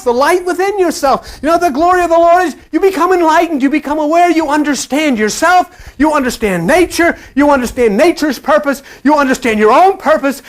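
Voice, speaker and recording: Blunt, impassioned preacher with earthy slang. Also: sits high. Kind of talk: impassioned sermon.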